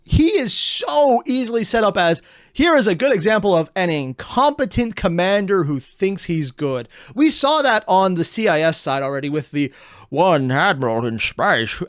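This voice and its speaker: Lively, thinking-aloud male reaction host. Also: a little high, dry recording, studio quality. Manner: rambling, thinks aloud with restarts. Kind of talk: casual reaction commentary.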